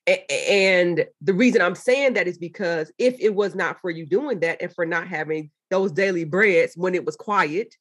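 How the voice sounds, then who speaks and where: A woman chatting as an interview guest, telling animated stories and jumping into excited, high quoted voices. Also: moderate pace, few pauses, breathy edge. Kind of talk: casual interview chat.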